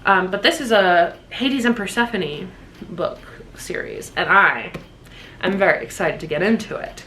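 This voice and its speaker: Bright, gushing young woman vlogger. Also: fairly low pitch, unhurried, a little hiss or hum. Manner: gushing, excitable, swears casually. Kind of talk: casual birthday haul vlog.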